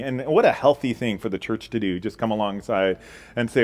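A man's voice: lowish voice, fairly quick. A middle-aged man preaching a sermon as pastor, casual and joking in his announcements.

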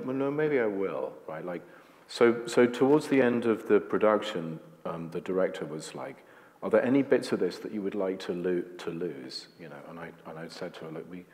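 A man's voice: low voice, a little mellow. A man speaking as guest at an onstage talk before an audience, rambling and jokey, full of "like" and restarts. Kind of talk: onstage conversation before a screening. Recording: long hall reverb.

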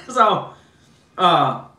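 A man talks his way through a story with his audience. His voice is bright and pitched a bit high, and he peppers it with "bro" and "man." The room around him echoes. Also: very slow, slight background noise. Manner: animated, slangy storyteller, lots of "bro" and "man". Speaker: host. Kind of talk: casual storytelling livestream.

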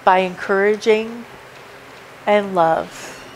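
A woman's voice: medium pitch, takes it slowly, a little hiss or hum, poor audio. A woman preaching a sermon at a church service, emphatic and repeating her key points as she works through a numbered list. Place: church sanctuary.

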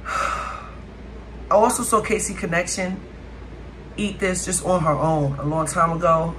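A bright, forceful woman talks straight to her viewers in a casual mukbang. She is chatty and dramatic and keeps calling them y'all, with a faint hiss of noise behind her. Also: lowish voice, slow, long pauses. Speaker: food vlogger.

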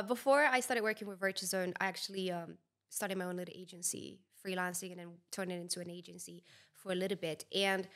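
A young woman chatting as an interview guest, telling anecdotes in a lively, conversational way. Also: medium pitch. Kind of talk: casual interview chat.

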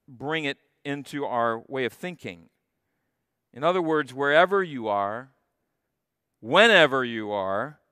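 Emphatic preaching man, higher voice. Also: a bit bright, smooth, no room sound, studio quality. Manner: emphatic preaching, slows and stresses key phrases. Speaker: guest pastor. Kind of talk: sermon. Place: church sanctuary.

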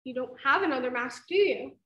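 An actress playing a calm, blunt young granddaughter studying law, in a stage play. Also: female voice, high voice, fairly quick. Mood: matter-of-fact. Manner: blunt, matter-of-fact. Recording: echoey room.

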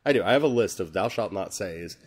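A man hosting a podcast, reading a scripture passage slowly and musing on it in an earnest, conversational way. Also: on the low side, lively intonation, slightly rough. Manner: slow, earnest, musing aloud. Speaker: podcast host. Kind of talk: reflective scripture talk.

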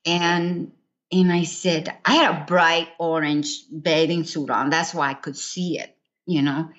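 A woman's voice: low-pitched, little pitch movement, measured pace, fairly bright tone, dull audio. A woman giving an earnest personal testimony in an interview, acting out the words of others as she tells it. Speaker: interview guest.

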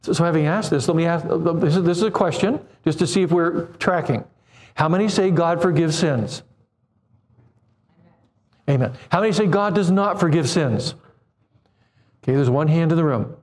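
A man in his seventies preaching a sermon, animated, acting out quoted voices and putting questions to the congregation. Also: fairly high pitch, moderate pace, pauses often. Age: 70s.

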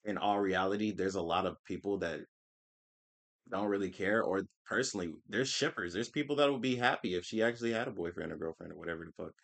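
A man's voice: low voice, fast, creaky, a bit bright. A man giving casual, slangy reaction commentary with lots of swearing. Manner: slangy, emphatic, swears a lot. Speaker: reaction streamer.

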